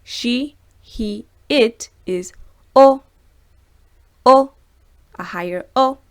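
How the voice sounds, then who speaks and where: A woman, slightly high-voiced, hosts a casual video language lesson. She slows down and says each word twice so learners can copy the pronunciation, then chats loosely with fillers between examples.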